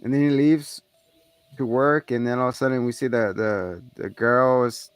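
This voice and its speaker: A man's voice: mid-range voice, steady tone, normal speed, smooth, no room sound, faint music behind. A man co-hosting a casual podcast, animatedly retelling a movie scene with profane acted-out quotes. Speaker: podcast co-host. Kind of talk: casual movie recap chat.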